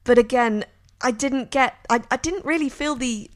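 A woman with a slightly high voice talks through films on a podcast. She is earnest and tries to be fair, but grows exasperated when a film falls flat. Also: normal speed. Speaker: podcast co-host. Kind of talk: casual film review chat.

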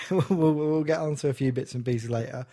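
A man's voice: fairly high pitch, moderate pace, darkish tone. A man giving a casual film review, hesitant, with many restarts and dry humor. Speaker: podcast guest reviewer.

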